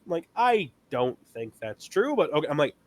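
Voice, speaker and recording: A man's voice: a little high, sing-song, moderate pace, no room sound. Man telling work stories in chat. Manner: storytelling, acting out customers and himself. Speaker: podcast co-host. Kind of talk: casual chat.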